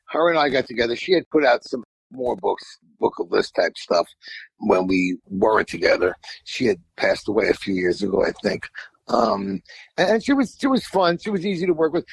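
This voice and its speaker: On a low-quality recording, an older guest musician from New York talks in a husky voice on the high side. He's a rambling, blunt storyteller who repeats words and colors his speech vividly during a casual interview.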